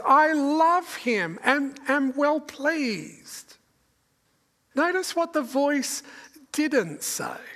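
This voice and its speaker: Woman, sermon, unhurried and deliberate, rhetorical questions, long reverb of a big hall. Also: fairly high pitch, a bit bright. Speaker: preacher.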